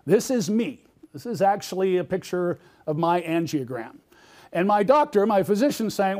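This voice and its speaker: A man's voice: high voice, lively intonation, normal speed, a little mellow. A middle-aged man giving a conference keynote, telling a personal story and quizzing the audience with questions. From United States. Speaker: keynote speaker.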